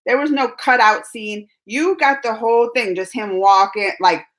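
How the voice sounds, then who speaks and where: Her voice on the high side and her pace moderate, a young woman chats casually on her channel's livestream, answering what viewers ask. She's animated and talkative, often laughing and restarting her sentences.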